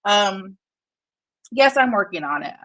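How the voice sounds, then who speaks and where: A woman speaks slowly but with lively intonation, her mid-range voice fairly bright on a low-quality recording. Streaming casual talk while multitasking on screen, she's distracted, blunt and profane, rambling and laughing frequently.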